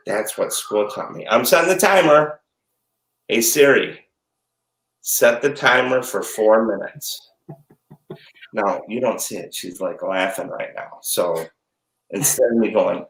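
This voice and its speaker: A man's voice: on the low side, measured pace, reverberant, low-quality recording. A middle-aged man and dad chatting casually from his home kitchen, rambling and jokey as he tells stories. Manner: rambling, animated, jokey storyteller. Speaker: chef and dad guest. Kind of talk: casual chat.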